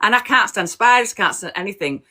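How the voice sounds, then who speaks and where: Speaking as a guest on a live-stream chat over a video call, a woman has a medium-pitched, animated voice that's brisk and sharp in tone. Her casual talk is blunt, down-to-earth and plain-spoken.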